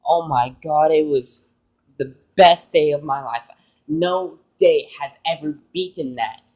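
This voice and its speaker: A man's voice: fairly high pitch, a little slow, a little mellow, poor audio. A man vlogging, telling an emotional personal story in an earnest, rambling way.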